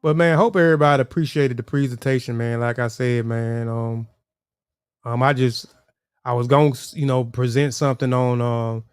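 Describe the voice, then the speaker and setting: A man talks loosely to his livestream chat, circling back and repeating himself. His voice is smooth and resonant, with a dry, close sound. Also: mid-range voice, fairly even intonation, normal speed, dry recording. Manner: rambling, repeats words, addresses chat viewers. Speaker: livestream host.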